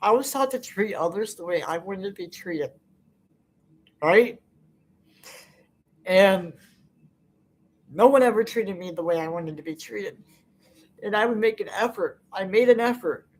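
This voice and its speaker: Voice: mid-range voice, a little slow, long pauses. A vlogger in an unscripted personal monologue, venting in a frustrated, bitter way and swearing a lot, rambling with many fillers.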